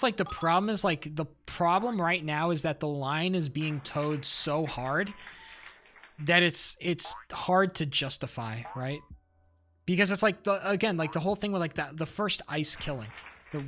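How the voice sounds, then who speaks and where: Young male streamer, slightly high voice, rambling heated rant with faint music under it. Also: sharp tone. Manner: rambling, heated, many fillers and restarts, swears. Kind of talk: casual livestream rant.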